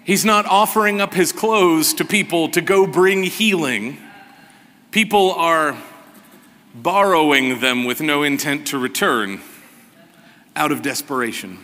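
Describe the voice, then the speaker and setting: A man preaching a sermon as pastor, slow and emphatic with a sarcastic edge. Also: a little high, sharp tone, in a large hall.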